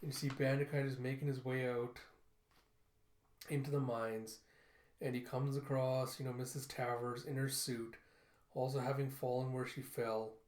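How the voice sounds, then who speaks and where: A man's voice: medium pitch, flat delivery, moderate pace, a little mellow. Guy doing a casual comic readthrough, lots of fillers, echoey room. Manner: casual, loose, with many fillers. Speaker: comic reviewer.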